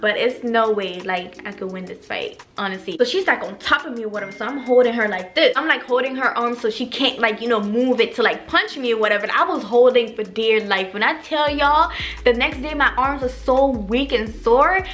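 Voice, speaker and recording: Slangy animated young woman telling a story. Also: on the high side, a little fast. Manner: animated, slangy, swears freely, talks to viewers as "y'all". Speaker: vlogger. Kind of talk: casual storytime. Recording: faint background music.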